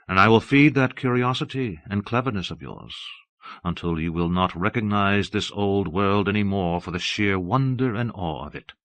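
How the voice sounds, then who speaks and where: A man voicing a mild, patient old abbess in an audiobook, speaking softly and evenly. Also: lowish voice, moderate pace, dry recording, natural voice. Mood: earnest.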